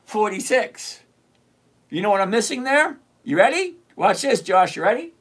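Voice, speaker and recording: A middle-aged livestream host in casual commentary who teases a viewer sarcastically, repeats points slowly and mutters while hunting around the screen. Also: medium pitch, very animated, fairly bright tone. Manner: teasing, sarcastic, talks straight to a viewer.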